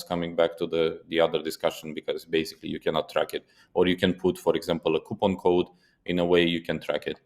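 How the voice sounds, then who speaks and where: Deep-voiced man, animated podcast co-host. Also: quick pace. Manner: animated storyteller who swears for emphasis. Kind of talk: casual podcast discussion.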